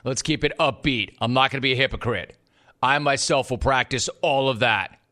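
A man hosting sports talk radio, taking calls with a sarcastic, rapid-fire manner. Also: mid-range voice, sharp tone. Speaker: radio show host.

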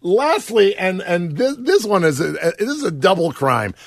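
A male radio show host in casual banter, animated and laughing, with frequent stumbling restarts. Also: high-pitched, moderate pace, loud music behind the voice.

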